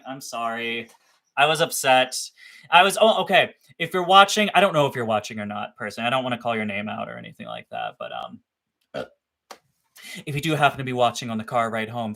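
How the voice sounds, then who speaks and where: This young man's voice is medium in pitch and a bit bright. On a casual livestream he rambles on about his reptiles, swearing liberally and making fun of himself.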